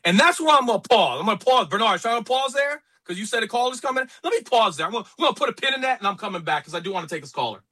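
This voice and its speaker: A man hosting a talk radio show, speaking in an emphatic, opinionated way about sports and politics. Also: sits high. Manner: animated, emphatic, quick asides. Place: radio studio.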